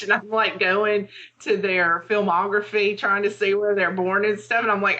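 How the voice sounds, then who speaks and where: A chatty woman co-hosts a casual podcast, with lots of fillers, and acts out her own thoughts as she talks. Her voice is bright and crisp, and the recording sounds a little dull. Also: medium pitch, flat delivery, normal speed. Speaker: podcast co-host.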